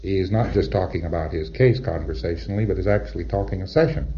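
Male lecturer, very low voice, wry and conversational, muffled lo-fi tape. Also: quick pace, mellow, slight background noise. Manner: conversational, wry, acts out exchanges. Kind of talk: recorded lecture to trainees.

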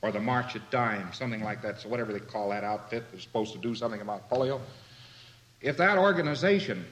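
A man's voice: on the low side, lively intonation, fast, a bit bright, echoey room, poor audio. A man giving a conversational lecture full of anecdotes, chuckling at his own points and asking rhetorical questions.

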